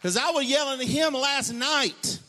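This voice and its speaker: A male pastor preaching a sermon with a passionate, colloquial delivery, dropping into quiet asides and joking with the congregation, then rising into shouted, sung-out lines. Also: very high-pitched, moderate pace, in a large hall. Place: church sanctuary.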